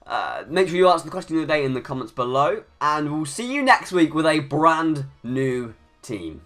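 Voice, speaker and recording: A man's voice: a little high, big pitch swings, moderate pace, fairly bright tone. A young man giving live commentary over a video game. He thinks aloud, restarts his sentences often and rants when things go against him. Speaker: gaming YouTuber.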